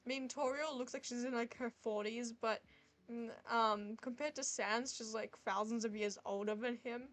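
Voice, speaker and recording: A woman streamer reading a dating game aloud and reacting with animated, exasperated asides. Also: on the high side, normal speed.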